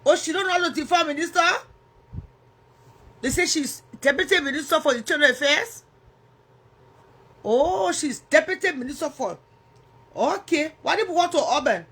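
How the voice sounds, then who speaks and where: A woman's voice: high voice, lively intonation, moderate pace, pauses often, a bit bright. A woman with a Liberian English accent hosting a casual livestream, chatting and teasing viewers as she answers their comments. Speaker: livestream host.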